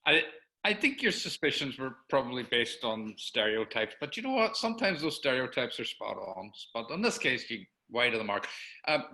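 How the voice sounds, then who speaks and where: Lively, bright, effusive host on a call. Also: medium pitch, moderate pace, rough recording. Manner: effusive and playful, teasing the guest. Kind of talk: casual chat with a guest. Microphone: video call.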